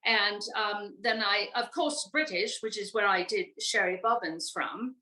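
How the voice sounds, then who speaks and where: An older American woman recalling her acting career in a relaxed, rambling chat full of fillers. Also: medium pitch, unhurried, reverberant, poor audio. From United States. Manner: chatty, rambling with many fillers. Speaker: guest voice actress. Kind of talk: casual interview chat.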